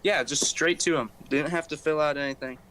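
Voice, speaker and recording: A young man hosts a casual podcast and tells a story with plenty of laughter. His voice sits a little high, and he acts out the voices of the people in the story. A faint hiss runs under the recording. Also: fairly quick, bright, forceful tone, rough recording. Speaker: podcast host.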